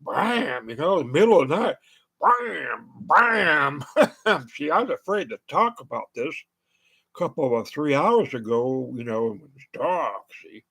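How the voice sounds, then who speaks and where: Gravelly older man rambling, lively pitch. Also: normal speed. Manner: rambling, full of "you know" fillers and restarts. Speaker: show host. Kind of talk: rambling monologue.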